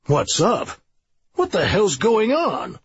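A man voicing a cautious, long-winded male attorney in an audiobook, speaking in an earnest, measured way. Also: high-pitched, huge pitch swings, slightly rough, highs cut off, voice pushed up, heavily acted.

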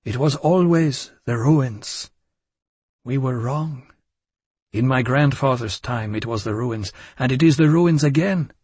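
A man's voice: mid-range voice, unhurried, darkish tone, husky, dry recording. A man voicing a fierce, commanding German village innkeeper woman with a guttural German accent, in an audiobook reading. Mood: grave warning.

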